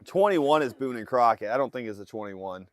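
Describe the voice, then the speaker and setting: Animated outdoorsman telling a story. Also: medium pitch, a little fast, dry recording. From Alaska. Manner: animated storyteller, acts out family voices. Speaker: livestream host. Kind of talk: casual storytelling to live chat. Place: fishing boat outdoors. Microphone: phone livestream.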